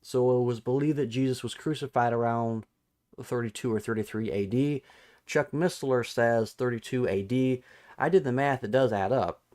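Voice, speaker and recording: Guy hosting a bible study stream, keeps restarting and fixing himself, reads verses out loud, pretty average voice. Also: mid-range voice. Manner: halting and self-correcting, restarts numbers while looking up verses; reads scripture and viewer chat aloud.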